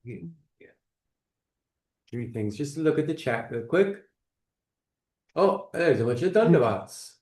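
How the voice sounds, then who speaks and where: Slow, emphatic man in an echoey room. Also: medium pitch, very animated, darkish tone. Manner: enthusiastic, emphatic praise. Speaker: host of a devotional video call. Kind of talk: moderating and speaking on a video call. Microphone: video call.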